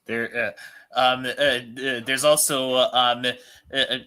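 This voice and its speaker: A man's voice: mid-range voice, little pitch movement, slow, sharp tone, smooth. A man co-hosting a casual podcast, hesitant and full of ums and uhs. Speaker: podcast co-host. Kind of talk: casual chat.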